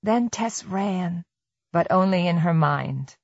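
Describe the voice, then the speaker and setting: A woman reading a novel aloud in measured, even scripted narration. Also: fairly low pitch, creaky, dry recording. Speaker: audiobook narrator. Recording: dry, slightly muffled recording.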